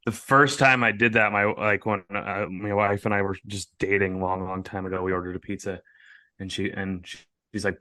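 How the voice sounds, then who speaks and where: Man, young adult, podcast co-host, casual chat, profane, animated, bright, lowish. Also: a little fast, no echo.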